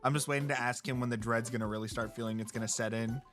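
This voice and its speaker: A man's voice: medium pitch, fairly even intonation, rapid-fire, a bit bright, soft background music. A young man hosting a gaming stream, rambling and joking crudely with friends. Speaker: streamer and host. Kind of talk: casual gaming chat with friends.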